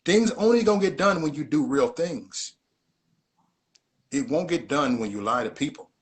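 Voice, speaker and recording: A man's voice: fairly high pitch, expressive, moderate pace. A man hosting a casual livestream, talking in an emphatic, repetitive, preachy way. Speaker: livestream host.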